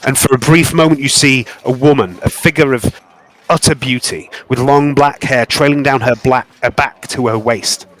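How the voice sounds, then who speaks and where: A man narrating a tabletop game as game master in a slow, dramatic, descriptive way. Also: mid-range voice, fairly even intonation, a bit bright, no room sound, rough recording.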